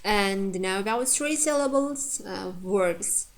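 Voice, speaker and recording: A woman teaching pronunciation, saying each example word slowly and twice to show where the stress falls. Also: mid-range voice, lively intonation, poor audio. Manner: slow and deliberate, repeating example words with stress. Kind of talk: lesson.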